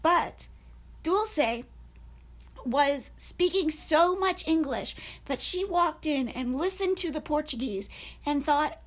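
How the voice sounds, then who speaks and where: A woman's voice: sits high, expressive, slow. A woman co-hosting a podcast in casual chat, telling stories animatedly and laughing often. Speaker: podcast co-host.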